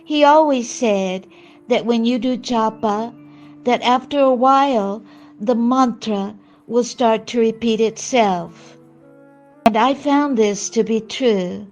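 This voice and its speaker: An older woman telling a personal spiritual story in a gentle, earnest way. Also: on the high side, slow, highs cut off, soft background music. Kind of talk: reflective personal testimony.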